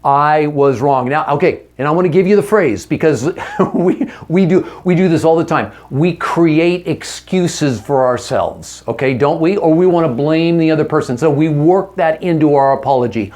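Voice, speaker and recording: A man teaching a marriage seminar to a live audience, earnest and coaching, who drops his voice soft and low when he acts out an apology. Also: lively intonation, normal speed.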